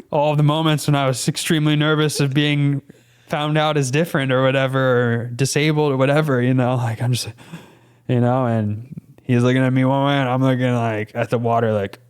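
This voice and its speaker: A man's voice: medium pitch, flat delivery, normal speed, clear, resonant tone. A young man, a podcast guest, casually telling a personal story in a rambling, earnest way with lots of fillers and some swearing. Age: young adult.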